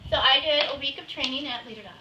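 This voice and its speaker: A woman talking casually and patiently to a group of children in a home, pausing now and then to give short commands to her dog. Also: high voice, highs cut off. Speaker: guest speaker with a guide dog. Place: indoors in a home. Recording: roomy, distant home-video sound with faint noise.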